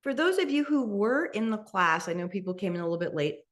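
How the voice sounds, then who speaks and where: A woman teaching a slow, guided mindful eating meditation over a video call, speaking gently with occasional soft laughs. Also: medium pitch, expressive. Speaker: meditation instructor.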